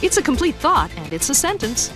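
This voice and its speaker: A woman narrating a grammar quiz in a clear, encouraging quizmaster manner. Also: high-pitched, big pitch swings, fairly quick, over music. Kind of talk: scripted educational narration.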